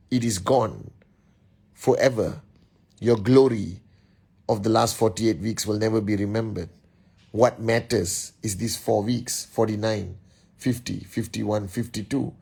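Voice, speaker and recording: Man, husky voice, forceful exhorting pep talk, livestream host. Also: mid-range voice. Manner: forceful, exhorting, rapid-fire shout-outs. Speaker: business leader hosting a livestream.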